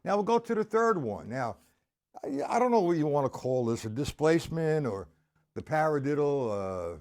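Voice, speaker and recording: A man's voice: a little high, vocal fry, a little mellow. A man teaching drums on a live stream, explaining step by step and talking straight to viewers by name in a blunt, informal way. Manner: blunt and informal, with the odd curse. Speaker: drum teacher. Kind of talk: live-streamed drum lesson.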